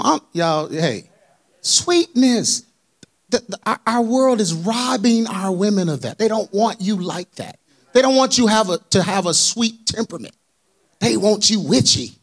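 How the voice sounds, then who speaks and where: Male preacher, high voice, very animated pitch, colloquial, calls for amens. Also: creaky. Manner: colloquial, dropped verbs and y'all. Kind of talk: sermon.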